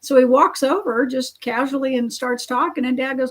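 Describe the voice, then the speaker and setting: A woman telling family stories in a relaxed chat, animated and acting out the people she quotes. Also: high-pitched, normal speed. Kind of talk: casual storytelling.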